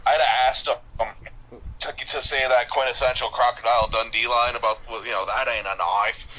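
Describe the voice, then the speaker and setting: Co-host dude, mid pitch voice, swears a ton, rambling stories. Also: male voice, little pitch movement, fairly quick, pushed and bright, a little hiss or hum, poor audio. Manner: profane, rambling storyteller. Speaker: podcast co-host. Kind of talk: casual chat.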